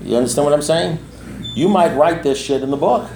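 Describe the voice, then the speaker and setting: A man's voice: a little high, a little fast, gravelly. Blunt man, streetwise recovery-meeting talker, repeats lines to drive them home, echoey room with a faint ambient hum. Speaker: recovery meeting speaker and sponsor.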